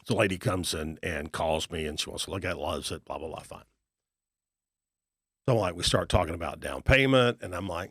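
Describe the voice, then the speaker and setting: A man's voice: sits low, moderate pace, long pauses, husky, no room sound, studio quality. A middle-aged man, a real estate investor telling folksy stories in a podcast interview and acting out the people in them. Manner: folksy, animated storyteller acting out dialogue.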